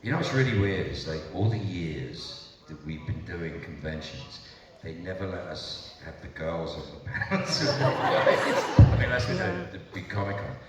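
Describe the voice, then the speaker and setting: A man's voice: low-pitched, expressive, measured pace. An older man chatting and joking as a guest on a convention panel, telling stories. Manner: joking, storytelling, mimics others' voices. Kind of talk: casual convention panel chat. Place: large convention hall on stage. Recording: echoey hall, far mic, loud crowd noise.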